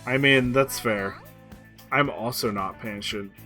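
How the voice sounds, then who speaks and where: A young man with a bright, forceful voice rambles through casual stream commentary while he plays. He swears a lot, mocks himself, and plays up a put-on voice. Faint music runs underneath. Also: medium pitch, takes it slowly. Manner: rambling, profane, self-deprecating; playing up a put-on voice.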